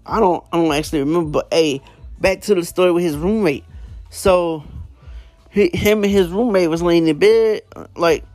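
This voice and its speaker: A man's voice: high-pitched, normal speed, a little mellow, dry recording, faint music behind. Rambling man retelling prison stories. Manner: rambling, heavy fillers and slang, restarts. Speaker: storyteller. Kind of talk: casual story retelling.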